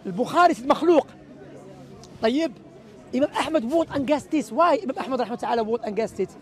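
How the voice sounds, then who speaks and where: Male street preacher, notably high-pitched, emphatic and argumentative, park debate with faint crowd. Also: expressive, very fast. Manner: emphatic, argumentative, mixing in religious Arabic phrases. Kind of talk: impromptu outdoor debate. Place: outdoors in a city park.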